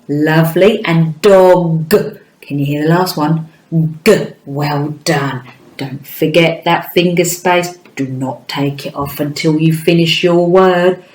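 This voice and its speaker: A woman teaching a phonics lesson to young children, with a slow, sing-song teacher voice that stretches out each sound. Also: lowish voice, roomy sound, poor audio. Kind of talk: early-years phonics lesson.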